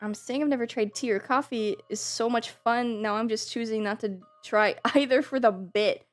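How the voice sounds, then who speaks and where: A woman's voice: on the high side, normal speed. Woman streamer, casual live chat, laughs easily, swears offhand, faint music underneath. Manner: chatty and giggly, swears casually.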